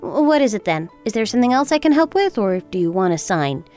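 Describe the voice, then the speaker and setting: A woman's voice: mid-range voice, sing-song, fast talker, darkish tone, soft background music, natural voice. A woman playing a calculating young wife in a texting-story drama, sweetly polite yet cutting. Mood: sweetly businesslike. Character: cool, calculating young wife getting even. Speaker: daughter-in-law.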